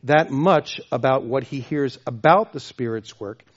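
A man preaching a sermon as pastor, emphatic, repeating phrases and swinging between loud and soft. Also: mid-range voice, a little slow, lo-fi sound. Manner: emphatic, repeats phrases, varies loudness widely.

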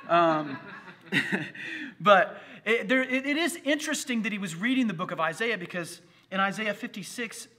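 A man's voice: high-pitched, normal speed. A man preaching a livestreamed sermon, telling stories animatedly and acting out other people's voices. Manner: animated storytelling with acted voices. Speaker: pastor. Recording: livestream audio.

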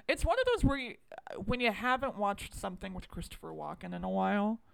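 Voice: mid-range voice, lively intonation, fairly quick, gravelly, dry recording. A podcast co-host in casual movie-review chat who rambles, runs themselves down and swears freely.

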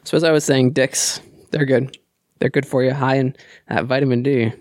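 A man co-hosting a fan podcast in casual chat, delivering crude jokes deadpan and often laughing. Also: mid-range voice, normal speed, no echo, studio quality. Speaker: podcast co-host.

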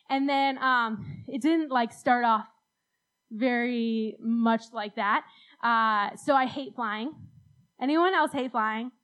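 A woman's voice: on the high side, slow pace, a bit bright, poor audio. A young woman telling a rambling, self-deprecating story at a church talk, laughing often. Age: young adult. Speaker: speaker at a church youth talk.

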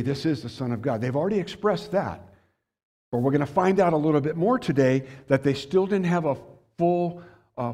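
A man's voice: medium pitch, darkish tone. A man preaching an earnest expository sermon, asking the congregation rhetorical questions as he works through a passage.

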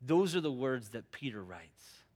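A man's voice: medium pitch, big pitch swings, unhurried, a little mellow. A male pastor preaching a sermon in an earnest, emphatic, conversational way.

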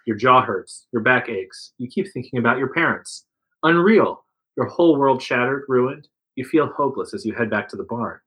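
A man's voice: medium pitch, animated, moderate pace, fairly bright tone, poor audio. A man reading a second-person adventure story aloud to friends, voicing the quotes with some liveliness. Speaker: narrator reading an interactive story.

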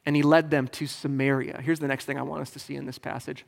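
Joking pastor in a reverberant church. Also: male voice, mid-range voice, little pitch movement, quick pace, creaky. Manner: casual, joking, conversational preaching. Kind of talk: sermon. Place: church sanctuary. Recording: long hall reverb.

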